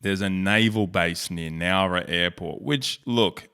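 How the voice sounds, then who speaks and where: Deep-voiced joking Australian man. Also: a little slow, sharp tone, clear, resonant tone. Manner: joking, rambling, self-mocking. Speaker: YouTube host. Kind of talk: casual screen-share commentary.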